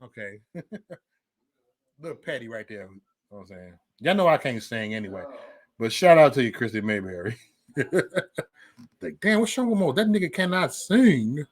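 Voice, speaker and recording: A man hosting a casual livestream chat, loud and profane, swinging between shouting and mumbling. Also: medium pitch, very animated, fairly quick. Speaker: livestream host.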